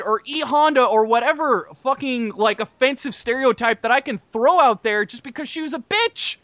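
A man's voice: very high voice, normal speed, hardly any pauses, dry recording. A man telling an exasperated, profane comedic story on a podcast, swearing heavily and piling on outrage. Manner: animated, exasperated, heavy swearing.

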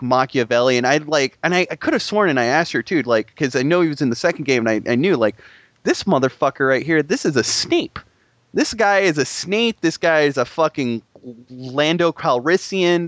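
Excitable young man ranting about games. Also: a little high, dry recording. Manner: excitable, rambling, swears a lot. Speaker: gaming podcast co-host. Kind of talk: casual profane chat.

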